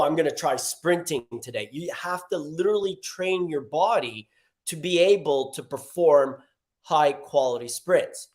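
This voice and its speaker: A man, a strength and conditioning coach, talking in an upbeat, encouraging way as he opens a live online fitness class over a video call. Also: high-pitched.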